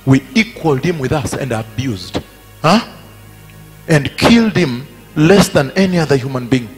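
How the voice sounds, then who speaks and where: A man preaching a sermon at a conference, repeating his phrases emphatically and building to shouted peaks. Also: on the high side, animated, moderate pace. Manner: emphatic and repetitive, rising to shouted climaxes. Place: large conference hall. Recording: reverberant hall with faint music.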